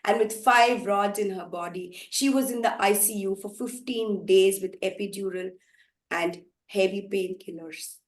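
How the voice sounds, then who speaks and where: A woman telling a story at a live event, dramatic, with sudden loud outbursts and hushed passages. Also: mid-range voice. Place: festival storytelling venue. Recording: echoey room, live performance.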